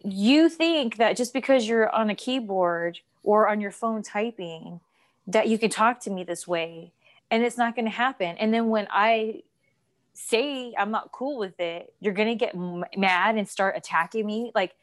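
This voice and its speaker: Animated woman telling a story. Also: mid-range voice, measured pace. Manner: animated storytelling, reading messages aloud. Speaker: podcast co-host. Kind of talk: casual chat.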